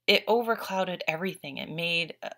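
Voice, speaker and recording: A woman with a notably low voice talks through a tarot reading in a casual, heartfelt way. She is earnest and openly emotional, speaking as a young adult reading the cards for her viewers. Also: expressive, fairly quick, a bit bright. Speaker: tarot reader.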